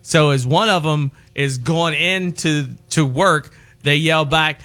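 A man's voice: on the high side, a little slow, bright, forceful tone. A man co-hosting a radio show, telling a story in casual banter and laughing often.

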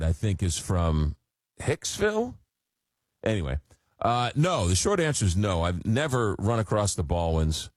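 Animated New man hosting radio. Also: low-pitched, no room sound. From Long Island, New York. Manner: rambling, animated storyteller with many fillers. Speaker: radio talk show host. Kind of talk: casual call-in radio chat. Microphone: studio microphone.

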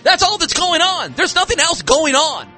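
A man's voice: very high voice, lively intonation, normal speed, sharp tone, faint music behind. A man hosting a sports talk show, ranting in exasperation with frequent restarts. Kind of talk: casual sports talk rant.

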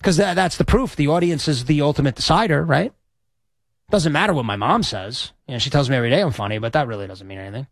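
Speaking at a quick pace in a fairly high voice, a sports radio host chats casually into a studio mic with no echo. He rambles on, often poking fun at himself.

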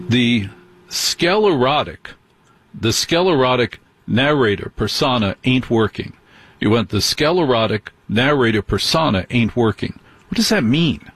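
A man's voice: medium pitch, a bit bright, slightly rough, no echo. An older man hosting a late-night radio show, reading listener mail with wry, self-deprecating, rambling asides. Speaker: radio host.

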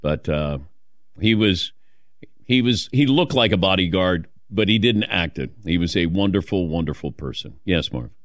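Rambling, lively-voiced male radio host. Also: sits low, moderate pace, dry recording, clean studio sound. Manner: loose, rambling, with many fillers and restarts. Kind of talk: casual radio talk.

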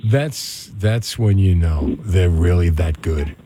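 A man's voice: sits low, takes it slowly, mellow, slight background noise. A man hosting a call-in radio show from a studio, chatting casually with callers and drifting into reflective musings. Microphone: studio microphone.

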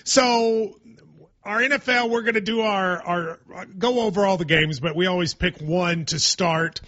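A man's voice: high voice, a little slow, a bit bright. A man hosting a casual sports talk show, joking and rambling through asides, on slightly muffled audio. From Kentucky.

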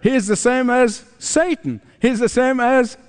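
A man's voice: very high voice, fairly even intonation, normal speed, smooth, in a large hall. A man preaching a sermon as pastor, emphatic and prompting his listeners to finish his sentences. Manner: emphatic, asks the congregation to fill in words.

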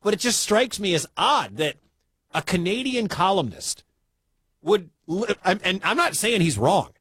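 A man's voice: high voice, big pitch swings, unhurried, fairly bright tone, breathy edge, no room sound. A man from the Midwestern US hosting a sports talk radio show, chatty and incredulous.

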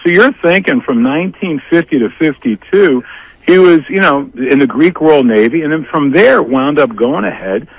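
Gravelly man in his sixties, storytelling. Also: a little high, moderate pace, no echo, lo-fi sound. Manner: animated, acts out family members' voices; rambling with many restarts and asides. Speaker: interview guest. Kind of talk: casual storytelling.

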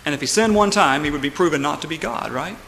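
A man with a notably high voice preaches a sermon, driving his points with emphasis and frequent "right?" asides. His voice rings through a long, reverberant hall. A faint hush of room noise sits underneath. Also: lively intonation, fast, vocal fry. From United States. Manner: emphatic, rising to loud climaxes, asks "right?" often. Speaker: pastor.

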